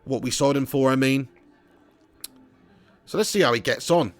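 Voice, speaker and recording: A man's voice: medium pitch, moderate pace. A man streaming a football management game live, chatting casually and rambling, laughing as he reads the chat at home. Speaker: gaming streamer.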